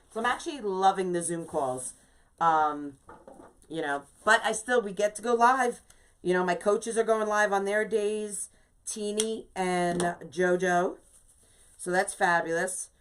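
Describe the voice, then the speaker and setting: A woman hosting a casual live-streamed wreath-making tutorial, chatting to viewers, greeting them by name and checking in with "okay?" from a home craft space. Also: mid-range voice. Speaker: craft livestream host.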